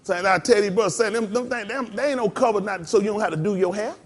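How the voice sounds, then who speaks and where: This pastor's voice sits high and his pace is quick. His sermon is folksy and lively, sprinkled with mock voices and laughter shared with the congregation.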